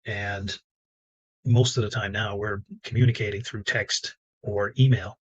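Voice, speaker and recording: Husky low-voiced man coaching. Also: unhurried, muffled recording. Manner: relaxed, conversational with fillers. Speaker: business coach. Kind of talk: instructional talk to camera.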